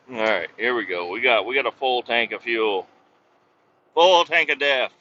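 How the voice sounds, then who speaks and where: A man's voice: mid-range voice, a little slow, bright, forceful tone, muffled recording, a little hiss or hum. A man hosting his own podcast, rambling casually and profanely from inside a work truck, often breaking off mid-thought. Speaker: podcast host.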